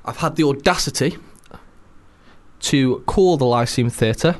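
A man's voice: mid-range voice, unhurried. A man co-hosting a radio show, chatting casually in a self-deprecating way. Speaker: radio co-host. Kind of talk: casual chat.

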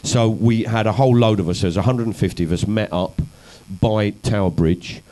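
A man being interviewed, telling long wry anecdotes about his comedy and activism in a relaxed, self-deprecating way. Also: lowish voice, normal speed, rough recording. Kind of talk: conversational storytelling interview.

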